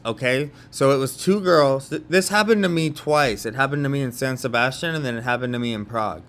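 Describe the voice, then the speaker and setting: A man's voice: mid-range voice, brisk, fairly bright tone. Rambling young man from California. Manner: rambling, with many fillers and restarts. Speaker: vlogger. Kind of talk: casual storytelling monologue.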